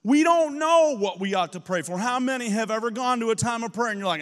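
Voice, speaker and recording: A man preaching a sermon as pastor, telling stories with animated energy that builds to shouting. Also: very high voice, fairly quick, big-room sound. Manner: animated storytelling, rising to shouts.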